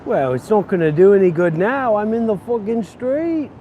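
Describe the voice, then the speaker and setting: A man's voice: high-pitched, moderate pace, narrow, tinny audio, close to an everyday voice. A man playing a drunk, foul-mouthed, belligerent bloke who speaks, slurring and rambling out in the street. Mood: frustrated. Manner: slurred, swearing, rambling threats. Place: street outdoors. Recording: outdoor street traffic noise.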